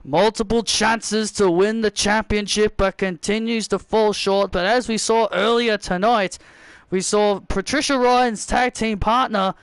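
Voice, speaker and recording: A man giving excitable play-by-play commentary over a wrestling video game, often shouting the calls. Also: high voice, unhurried, clear, resonant tone, no room sound.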